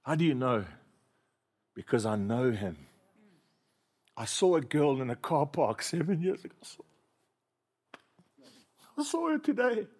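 A man's voice: fairly high pitch, big pitch swings, measured pace, pauses often, a little mellow. A man preaching a sermon, telling stories with humor and calling on the congregation to repeat after him. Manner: storytelling, humorous, call-and-response with congregation. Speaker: pastor.

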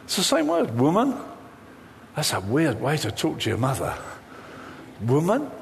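A man preaching a sermon in an animated, humorous way, acting out the lines he quotes. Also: on the high side, a little slow, vocal fry, in a large hall, a little hiss or hum.

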